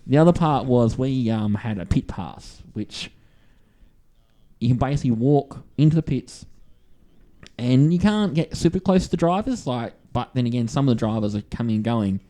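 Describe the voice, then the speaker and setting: Mellow-voiced Australian man telling stories. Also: mid-range voice, normal speed. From Western Australia. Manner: rambling storyteller, acts out quoted voices. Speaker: podcast co-host. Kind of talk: casual chat.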